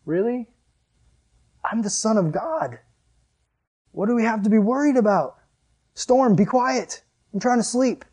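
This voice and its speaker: A man putting on a relaxed, offhand Son of God, slightly husky and a touch high. He sounds breezy and unworried, as if the storm were a small nuisance. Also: takes it slowly, long pauses, exaggerated voice. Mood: unbothered.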